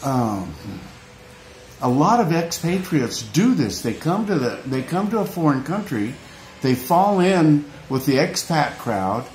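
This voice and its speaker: A man's voice: fairly high pitch, big pitch swings, a little slow, darkish tone. A man vlogging off the cuff, earnest and rambling, often restarting and repeating his phrases. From United States. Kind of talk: emotional unscripted vlog rant. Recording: echoey room, faint background noise.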